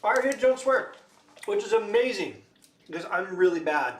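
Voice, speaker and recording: A man's voice: high voice, expressive, unhurried. A man co-hosting a live shopping stream, chatting casually with dry, teasing asides. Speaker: co-host. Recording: roomy mic with faint noise.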